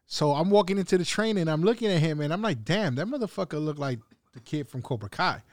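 Animated New man telling a story. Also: a little high, quick pace, dry recording, studio quality. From New York. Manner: animated storyteller, swears freely. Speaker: podcast co-host. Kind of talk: casual chat, storytelling.

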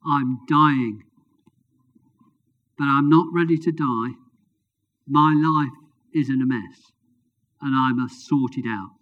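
A man voicing a badly wounded young man near death, speaking quietly and weakly in a read-aloud story. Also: medium pitch, slow pace, long pauses, natural voice. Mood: weak, pleading. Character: dying wounded young man, weak and pleading. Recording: dull lo-fi recording.

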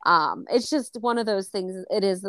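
Dry, close-sounding woman telling a lively story. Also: mid-range voice, normal speed, clear, resonant tone, no echo. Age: adult. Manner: animated, acts out quoted dialogue, swears freely. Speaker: podcast co-host. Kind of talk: casual storytelling chat.

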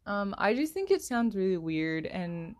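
A young woman rambling alone into a headphone microphone, self-deprecating and apologetic, with many filler words and slow pauses while she searches for words. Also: medium pitch, big pitch swings. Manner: speaks slowly, pauses to find words. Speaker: solo podcaster. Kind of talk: rambling solo chat.

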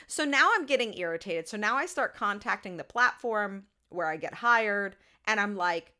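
Bright-voiced woman ranting on a podcast. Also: mid-range voice, lively intonation, normal speed, few pauses. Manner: ranting storyteller, swears freely. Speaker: podcast co-host. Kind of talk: casual chat.

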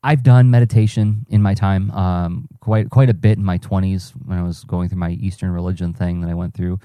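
A man's voice: low-pitched, fairly even intonation, normal speed, hardly any pauses, warm tone, no room sound. A man hosting a solo podcast, thinking aloud in a rambling, self-correcting, conversational way. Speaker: podcast host, cartoonist and teaching artist. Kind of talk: reflective solo podcast monologue.

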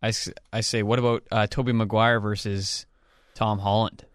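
A man co-hosting a casual podcast, joking around in quick banter. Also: fairly low pitch, little pitch movement, no echo, studio quality. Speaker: podcast co-host. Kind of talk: casual chat.

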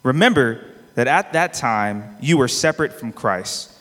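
A man reading a Bible passage aloud in a measured, formal way to a congregation. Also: mid-range voice, lively intonation, a bit bright. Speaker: scripture reader. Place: church sanctuary. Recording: long hall reverb.

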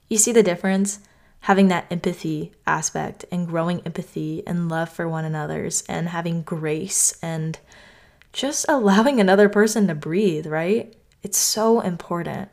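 On her reflective solo podcast, a young host from North Carolina talks earnestly and conversationally, with "like" cropping up often. She has a fairly low, slightly mellow voice with vocal fry and keeps a measured pace.

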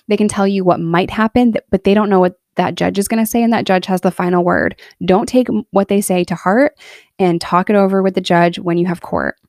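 A woman's voice: mid-range voice, a little mellow, no echo, clean studio sound. A woman in her thirties telling her personal story in a candid, earnest monologue, emotional in places. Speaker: podcast storyteller.

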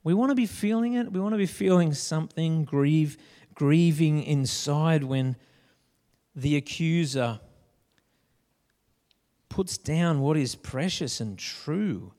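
Animated high-voiced preacher. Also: male voice, takes it slowly, long pauses. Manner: animated, acts out Bible characters with slang. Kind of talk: sermon. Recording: long hall reverb.

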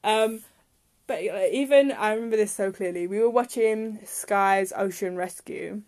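A woman's voice: mid-range voice, a little slow, a little mellow. Chatty woman, rambling rants. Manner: rambling, chatty, heated when ranting. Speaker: podcast host. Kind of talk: casual solo chat.

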